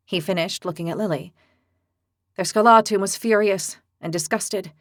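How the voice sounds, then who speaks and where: A woman narrating an audiobook in a steady, expressive storytelling manner. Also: medium pitch, moderate pace, dry recording, studio quality. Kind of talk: scripted narration.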